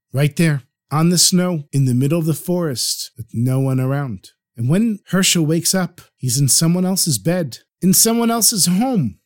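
Lively, high-voiced male storyteller. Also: slight background noise. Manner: animated, vivid retelling. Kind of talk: storytelling narration.

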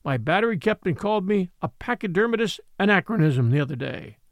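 A man voicing a large, gentle and nervous male elephant with a gurgly, rumbly voice, mild and thoughtful. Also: big pitch swings, brisk, vocal fry, no echo, heavily acted.

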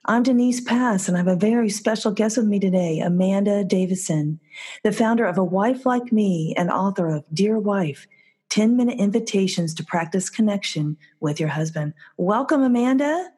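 A woman's voice: mid-range voice, moderate pace, darkish tone, slightly rough. A woman hosting a podcast interview while she has a cold, reading her introduction and questions in an earnest, scripted way. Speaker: podcast host.

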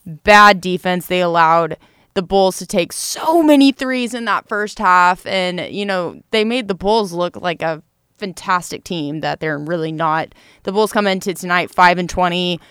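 A woman co-hosting a casual sports podcast, chatty and quick to laugh. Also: fairly low pitch, fairly bright tone, clean tone, no echo, clean studio sound. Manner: giggly, conversational. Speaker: podcast co-host.

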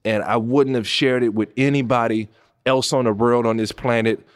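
A podcast host shares a personal story at a moderate pace in a storytelling monologue. The speaker, a Southern Californian man in his thirties, is animated and emphatic, rising high when excitement hits and dropping gently when moved.

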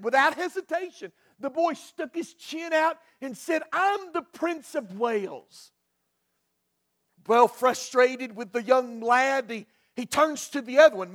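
A male pastor preaching a sermon, telling a folksy story and often repeating and restarting his words. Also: extremely high pitch.

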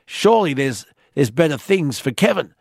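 A man's voice: a little high, very animated, normal speed, darkish tone, no echo, clean studio sound. A man with an Australian accent hosting late-night talkback radio, laid-back and chatty. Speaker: radio host. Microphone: studio microphone.

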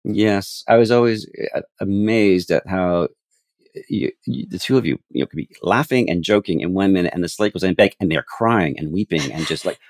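A man's voice: low-pitched, moderate pace, dry recording, studio quality. A man guest on a podcast, telling rambling set stories with many restarts. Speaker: camera operator guest. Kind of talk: casual podcast chat.

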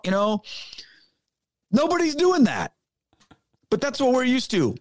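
A man's voice: very high-pitched, sing-song, normal speed, pauses often, no room sound. A middle-aged man, a former pastor, speaking as a podcast guest and telling stories in an earnest, emphatic, casual way. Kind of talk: conversational storytelling.

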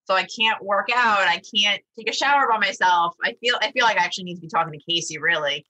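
A woman's voice: medium pitch, fast talker, pushed and bright, dull audio. A busy mother calling into a podcast, harried and laughing about having no time. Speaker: caller asking for advice. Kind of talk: casual podcast chat.

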